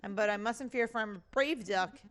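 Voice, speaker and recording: A woman's voice: medium pitch, a little fast, fairly bright tone, lightly acted. A woman doing a jittery, boastful duck cop. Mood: nervous. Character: cowardly boastful male duck police officer.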